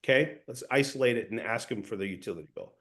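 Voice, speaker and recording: A man's voice: medium pitch, animated, fast talker, a bit bright. A man leading a sales coaching session, explaining points in an instructive way and often repeating or restarting phrases. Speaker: sales trainer.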